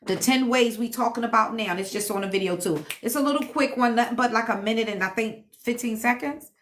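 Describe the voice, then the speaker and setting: A woman's voice: on the high side, fairly quick, fairly bright tone, a little hiss or hum. A woman hosting a casual live stream at home, a self-described healer and teacher who reads comments, laughs often and talks to viewers in a sassy, playful way.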